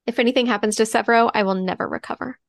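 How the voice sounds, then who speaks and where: A woman's voice: fairly high pitch, racing, gravelly, no echo, studio quality. A woman joining a casual book podcast chat, emphatic in her reactions.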